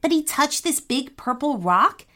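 A woman voicing Keon, a brave, quick-thinking young boy, earnest and urgent in a storybook reading. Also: sits high, lively intonation, bright, forceful tone, voice pushed up, heavily acted. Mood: explaining.

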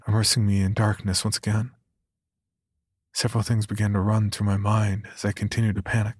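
A man reading a horror story aloud in slow, hushed scripted narration with a husky voice. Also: lowish voice, no room sound, studio quality.

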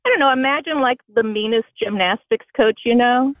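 A woman from Indiana with a Southern-sounding accent calls in over a thin, tinny phone line. Her voice sits a little high, and her humor is wry and self-deprecating. The line is dry, with no room echo. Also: a little fast. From Bloomington, Indiana. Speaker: caller. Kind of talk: phone-in conversation.

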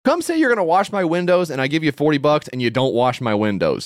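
A man's voice: on the high side, very animated, quick pace, hardly any pauses, dry recording. Man, comedy podcast co-host; swears freely, rambles through anecdotes, dead-dry studio sound. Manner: profane, rambling, laughs through his story. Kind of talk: casual comedic storytelling.

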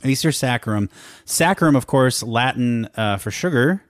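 A man's voice: mid-range voice, lively intonation, moderate pace, no echo, studio quality. Self-deprecating man with a mid-range voice. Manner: self-deprecating, stumbles on words. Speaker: podcast co-host. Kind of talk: casual chat.

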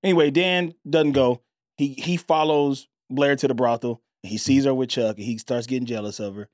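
A young man co-hosts a podcast in easygoing chat. He jokes around in loose slang and laughs often. His voice sits at a middle pitch, recorded close and dry. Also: fairly even intonation, a little fast, a little mellow, dry recording. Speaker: podcast co-host. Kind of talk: casual chat.

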